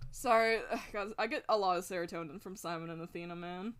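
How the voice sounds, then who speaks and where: A young woman streaming while she draws, rambling excitedly in casual chat and swearing constantly. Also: mid-range voice, brisk. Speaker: art streamer.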